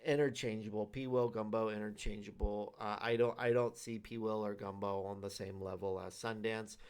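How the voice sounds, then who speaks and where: A man's voice: lowish voice, steady tone, moderate pace, a little mellow, smooth. Rambling man talking league picks. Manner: repetitive, loose, with many fillers and restarts. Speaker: league show host. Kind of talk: casual commentary on league predictions.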